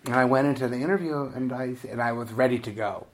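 A man giving a dharma talk as a meditation teacher, in a relaxed, conversational, self-deprecating way with frequent chuckles. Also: medium pitch, fast talker, a little hiss or hum.

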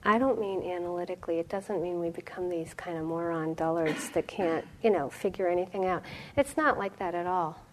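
A middle-aged woman giving a dharma talk as a meditation teacher, reflective and storytelling, with soft pauses. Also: fairly low pitch, noisy background.

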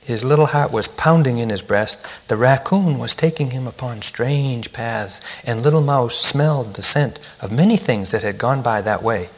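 A meditation teacher reads a children's story aloud. He is a man with a gentle, measured way of speaking and a pitch in the middle of the range. It was recorded at a retreat center. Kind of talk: storytelling in a dharma talk.

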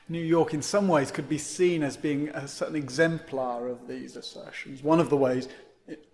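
Meditation teacher guy doing a dharma talk, wanders around thoughtfully, slightly high voice. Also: fairly even intonation, moderate pace, a little mellow. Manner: meandering, reflective, tags "right?". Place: meditation center.

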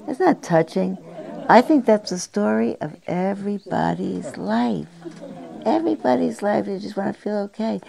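An older woman, a meditation teacher, giving a musing dharma talk with gentle pauses and fillers. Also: medium pitch, animated, vocal fry, breathy edge.

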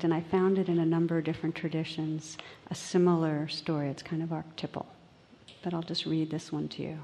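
A woman meditation teacher giving a slow, gentle dharma talk in a meditation hall. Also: sits low, level tone. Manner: slow, gentle, soft-spoken.

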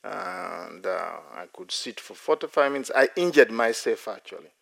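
Gravelly-voiced monk giving a playful talk. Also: male voice, on the low side, expressive, moderate pace, a bit bright. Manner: playful, chuckles often between phrases; anecdotal, self-deprecating. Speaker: Buddhist monk and meditation teacher. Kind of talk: dharma talk at a meditation retreat.

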